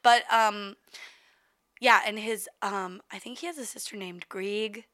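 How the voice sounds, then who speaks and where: A woman's voice: medium pitch, steady tone, a little slow, fairly bright tone. A woman in her thirties co-hosting a casual chat, giggly and saying "like" a lot. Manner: giggly, chatty, says "like" often. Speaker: podcast co-host.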